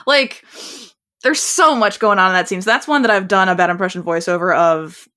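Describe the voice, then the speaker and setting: A woman co-hosting a podcast in casual chat, rambling and animated, restarting sentences as she goes. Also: medium pitch, fairly quick. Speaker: podcast co-host.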